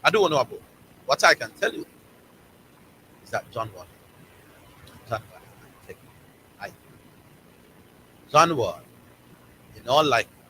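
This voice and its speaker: Bright-voiced Jamaican sports host. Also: male voice, mid-range voice, a little hiss or hum, rough recording. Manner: emphatic, repeats words and phrases for stress. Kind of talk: opinionated sports talk.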